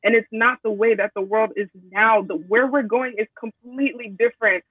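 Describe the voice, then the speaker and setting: A man with a high, somewhat husky voice joins the discussion, emphatic and slangy. He comes through a tinny phone line, a little far from the mic. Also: fairly even intonation, moderate pace, no echo. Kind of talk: casual discussion.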